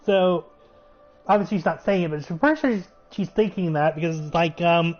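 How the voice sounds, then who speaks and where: A man giving a chatty, excitable recap of a show episode. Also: high voice, measured pace, long pauses. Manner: chatty, excitable, laughs while retelling. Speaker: show reviewer. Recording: muffled recording with faint music.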